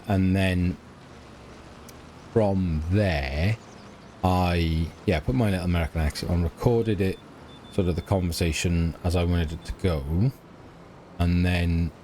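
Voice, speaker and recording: A man's voice: deep voice, darkish tone, a little hiss or hum. A middle-aged British man chatting casually and hesitantly while playing a farming game, often trailing off and mocking himself. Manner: rambling, hesitant, self-mocking. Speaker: let's play gamer.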